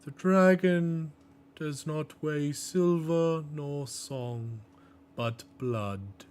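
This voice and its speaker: A man voicing a solemn ancient male shell creature who keeps a ritual, speaking slowly and gravely in a tabletop game. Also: on the high side, darkish tone, voice pushed up. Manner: slow, grave, ceremonial pronouncement. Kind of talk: tabletop game role-play.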